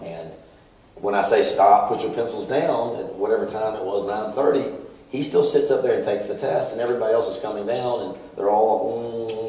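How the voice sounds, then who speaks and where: Animated man telling funny stories, echoey room. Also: on the low side. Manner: animated, acts out quoted voices in anecdotes. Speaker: speaker. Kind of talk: humorous storytelling talk. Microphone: handheld video camera across the room. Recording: echoey room, distant camera mic.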